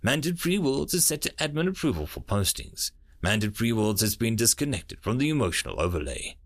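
A man's voice: medium pitch, sing-song, a little fast, dry recording, studio quality. A man narrating an audiobook and voicing many characters.

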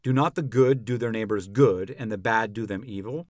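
A male podcast narrator speaks in a natural, lowish, darkish voice at a fairly quick pace, with no room sound. In this dramatic reading of a classical dialogue he portrays an elderly philosopher on trial who ironically interrogates his accuser with rhetorical, pointed questions, sounding probing and indignant.

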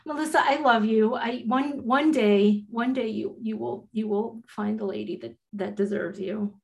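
A woman's voice: fairly high pitch, fairly even intonation, moderate pace, vocal fry, dull audio. A woman co-hosting a podcast, chatting casually in a blunt, joking way and swearing now and then. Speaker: podcast co-host. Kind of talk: casual chat.

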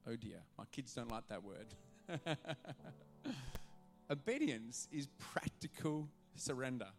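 Animated male pastor preaching over soft music. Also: mid-range voice, slow. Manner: animated, acts out voices in his stories. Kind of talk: sermon. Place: church auditorium.

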